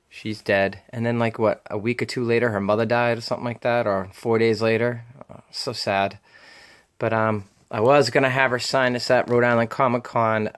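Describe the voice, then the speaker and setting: Man, Boston accent, casual vlog chatter, rambling, lots of ums and uhs, easy laugh, average pitch. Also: clean tone. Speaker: comic collector showing his haul. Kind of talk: casual show-and-tell vlog.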